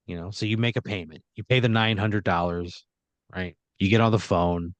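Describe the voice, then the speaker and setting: Brief: male podcast host, low register, deadpan comic narrator, dry studio sound. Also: dry recording, lo-fi sound. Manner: deadpan second-person narration with drawn-out phrases. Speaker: podcast host spinning a scenario. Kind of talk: improvised comedic storytelling.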